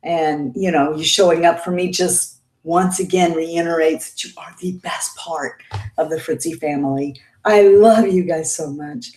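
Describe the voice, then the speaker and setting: A woman's voice: deep voice, a little slow, a little mellow, roomy sound, a little hiss or hum. Chatty mature woman hosting a livestream. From Indiana, United States. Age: 50s. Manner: chatty and emotional, laughs often. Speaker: beauty livestream host. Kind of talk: casual livestream chat, reading viewer comments.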